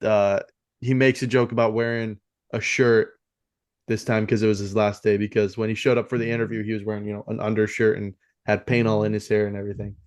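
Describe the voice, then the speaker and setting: A man's voice: fairly low pitch, flat delivery, a little fast. A man co-hosting a film podcast, talking casually and rambling with many fillers and restarts. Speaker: podcast co-host.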